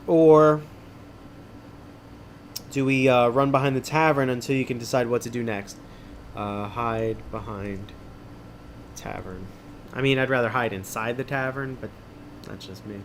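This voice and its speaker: A man's voice: medium pitch, fairly even intonation, measured pace, pauses often, slight background noise. A middle-aged man streaming as he reads an adventure book aloud, with wisecracking, self-mocking asides. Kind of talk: casual read-aloud with joking asides.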